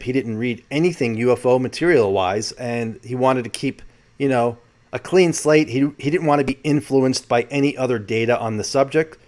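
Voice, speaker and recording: A man from New York talks through a panel transcript in a relaxed, informal commentary, stopping for dry, wry asides between quotes. His voice sits at an ordinary middle pitch. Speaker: host.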